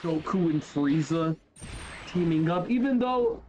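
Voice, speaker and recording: A young man giving casual, animated commentary while playing a game, chatting loosely, saying bro and yo, and trailing off mid-sentence. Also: on the high side, measured pace. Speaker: gaming YouTuber. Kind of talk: casual let's-play commentary. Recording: faint game music behind.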